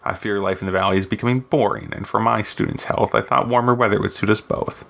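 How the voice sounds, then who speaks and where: A man's voice: lowish voice, fairly even intonation, fast, gravelly, fairly bright tone. A man reading aloud, voicing a proud, sardonic older woman mage who teaches, with a dry, cutting manner. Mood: wry. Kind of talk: audiobook reading.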